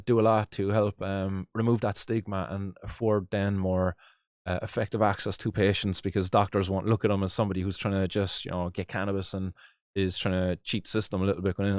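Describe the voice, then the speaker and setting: Low, smooth-voiced Irish man rambling. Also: dry recording, clean studio sound. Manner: rambling, many fillers and restarts, swears casually. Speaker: host. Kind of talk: casual commentary.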